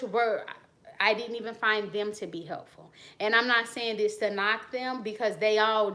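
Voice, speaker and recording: A woman's voice: mid-range voice, fairly bright tone. A woman hosting her channel, talking bluntly and animatedly to camera. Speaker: channel host. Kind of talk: casual talk to camera.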